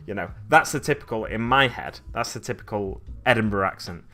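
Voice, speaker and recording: A man's voice: on the low side, lively intonation, brisk, hardly any pauses, pushed and bright, soft background music. A young Englishman from Oxfordshire, chatting casually on a live stream while painting miniatures, rambling and laughing as he answers viewers. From Oxfordshire, England. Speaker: hobby streamer.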